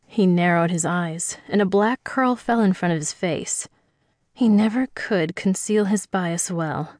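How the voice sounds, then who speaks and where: A woman reads an audiobook in scripted narration, measured and even, her voice on the low side. The sound is dry and close, with no room around it. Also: no echo.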